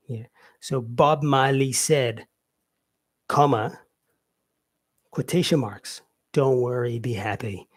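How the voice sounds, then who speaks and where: In a relaxed English grammar lesson, a man with a mid-range voice says example sentences over again and fills gaps with "yeah" and "um."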